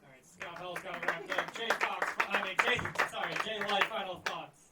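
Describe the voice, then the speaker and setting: A man hosting a live roast battle, bantering loudly and hyping the crowd. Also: high voice, moderate pace, very noisy. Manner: loud, bantering crowd hype. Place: comedy club stage. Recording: distant mic with roomy echo, loud crowd.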